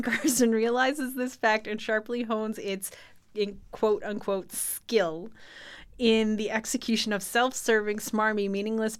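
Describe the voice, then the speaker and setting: A woman's voice: mid-range voice, smooth. Laughing young woman co-hosting a podcast. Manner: laughs often, reads definitions aloud wryly. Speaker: podcast co-host. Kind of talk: casual podcast chat.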